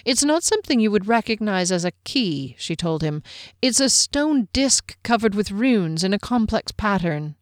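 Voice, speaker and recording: A narrator voicing a blunt young warrior woman who asks sharp, pointed questions. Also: mid-range voice, big pitch swings, normal speed, no echo, clean studio sound, lightly acted. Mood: cool, pointed.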